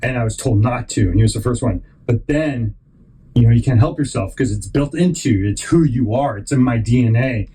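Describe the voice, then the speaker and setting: A man's voice: medium pitch, a little fast, mellow, slightly rough, rough recording. A man hosting a podcast, telling a long rambling story and acting out other people's lines in put-on voices. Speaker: podcast host.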